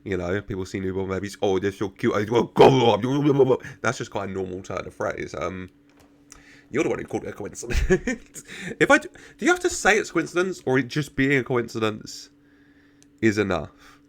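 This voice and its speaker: A man's voice: lowish voice, very animated, brisk, a bit bright. A man giving casual reaction commentary, chatting, laughing often and talking back to the characters on screen. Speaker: reaction video host.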